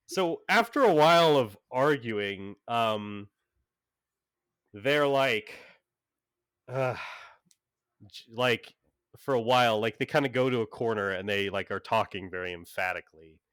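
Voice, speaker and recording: Slow, rambling male game master. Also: medium pitch, animated, fairly bright tone, clear, resonant tone, dry recording, clean studio sound. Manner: rambling, many fillers and restarts. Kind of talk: narrating a tabletop game.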